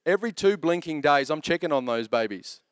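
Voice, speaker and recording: A man's voice: fairly high pitch, lively intonation, fairly quick, smooth, no room sound, clean studio sound. A man in his thirties preaching a sermon as pastor, telling jokey stories in a chatty way. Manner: chatty, joking storyteller.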